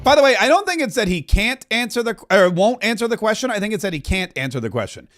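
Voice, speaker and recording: High-voiced man mocking in commentary. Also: very animated, fast talker, a bit bright. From Florida, US. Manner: mocking, riffing asides. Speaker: podcast host. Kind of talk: political commentary podcast.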